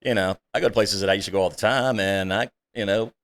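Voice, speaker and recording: A man's voice: fairly low pitch, quick pace, a bit bright. A man chatting casually as a podcast guest, often restarting his sentences and filling gaps with "you know.". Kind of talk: casual chat.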